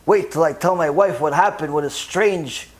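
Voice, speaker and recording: A man voicing a big, hot-tempered ex-con who mutters to himself in a low, quiet voice. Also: moderate pace, natural voice. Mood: grumbling.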